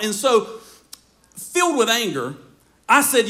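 A man preaching a sermon in church, telling a story in an animated way and often laughing as he talks. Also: sits high, moderate pace. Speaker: pastor.

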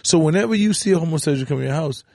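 A man's voice: fairly high pitch, animated, racing, gravelly, a little mellow, dry recording, studio quality. A man, a guest telling stories in laid-back street slang in casual interview chat. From the Bronx, New York. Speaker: guest, rapper.

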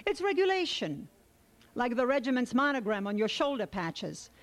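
A woman voicing a middle-aged male army doctor who speaks in a warm, fatherly way to a wounded private. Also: on the high side, sing-song, normal speed, voice pushed up. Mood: friendly. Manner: warm, paternal.

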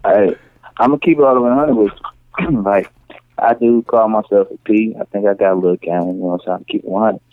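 A man's voice: on the low side, fast talker, no room sound. A man calling into a casual podcast from far away, laid-back and slangy. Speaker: remote podcast guest. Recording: dry, tinny phone-like line.

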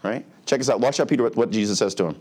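A man's voice: fairly low pitch, racing, a little mellow. A middle-aged man preaching a verse-by-verse sermon as pastor, talking in a casual, conversational way and briefly acting out the voices of the people he describes. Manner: conversational, acts out characters' lines. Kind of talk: expository sermon.

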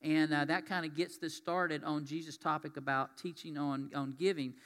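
A man delivering a sermon in a church, talking in a folksy, conversational way. His voice sits fairly high and bright. The sanctuary gives it a long, ringing reverb. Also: fairly even intonation, normal speed. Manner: folksy, conversational, reads scripture aloud. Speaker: pastor.

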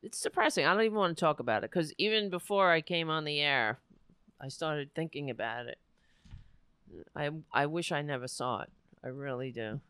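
A woman hosting a live talk show, rambling emotionally and close to tears, often trailing off into quiet murmurs. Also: low-pitched, smooth, dry recording. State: near tears. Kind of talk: casual on-air monologue.

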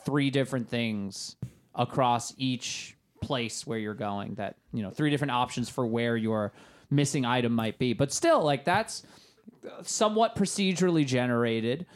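A man's voice: medium pitch, moderate pace. A man co-hosting a podcast in casual chat, talking in long rambling runs with lots of fillers. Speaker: podcast co-host.

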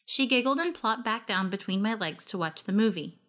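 A woman's voice: mid-range voice, lively intonation, a little fast, a bit bright. Wry woman narrating a story. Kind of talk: first-person story narration.

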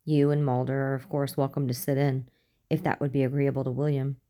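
A woman reading the lines of a gentle, earnest male scientist who speaks reasonably. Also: rumbling low, level tone, fairly quick.

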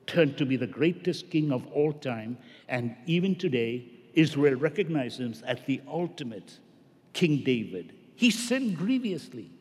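A man preaching a sermon as pastor, impassioned, swinging from loud emphasis to hushed, quiet tones. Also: fairly high pitch, breathy edge, in a large hall.

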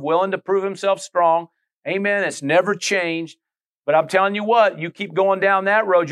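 A man's voice: high-pitched, a bit bright. A man preaching a sermon as pastor, reading scripture and adding frequent amens.

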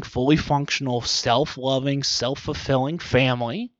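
A man's voice: on the high side, dry recording. A man delivering a profane comedic rant with mocking asides, swearing often. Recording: dull lo-fi dry recording.

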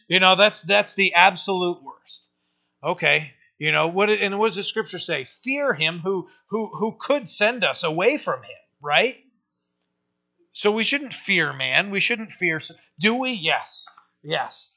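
A man's voice: high voice, expressive, a little slow, creaky, sharp tone. A man preaching a conversational sermon to his church and often asking "right?" to his listeners. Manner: rhetorical questions, asks "right?" often. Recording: dull lo-fi sermon recording.

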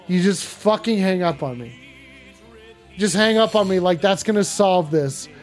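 Man doing a profane, rambling, high-voiced Santa hosting a comedy stream, faint music underneath. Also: animated, unhurried. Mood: exasperated. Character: crude stoned foul-mouthed male Santa Claus. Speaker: host. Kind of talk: comedic improv livestream.

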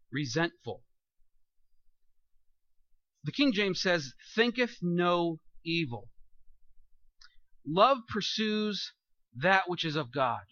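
A man preaching a sermon in a church, animated and jokey, acting out little asides. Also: a little high, no room sound, dull audio. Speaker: pastor.

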